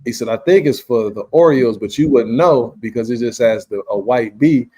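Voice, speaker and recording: A man's voice: medium pitch, normal speed, warm tone, husky. Laid-back man hosting a podcast. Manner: rambling, laid-back storytelling with frequent "you understand". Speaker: podcast host. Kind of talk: casual podcast chat.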